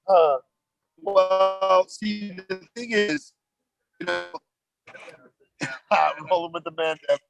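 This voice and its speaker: A man's voice: high voice, takes it slowly, gravelly, pauses often, over music, rough recording. A man from the United States, a touring band member, joking around and swearing freely as a guest in casual podcast chat.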